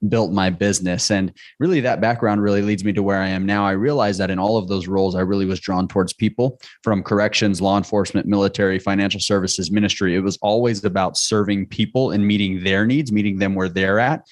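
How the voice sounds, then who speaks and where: Man from northern New Mexico, a low-pitched guest with a dry close sound, steady and sincere. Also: no room sound. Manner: measured, earnest storytelling. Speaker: podcast guest. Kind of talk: interview conversation.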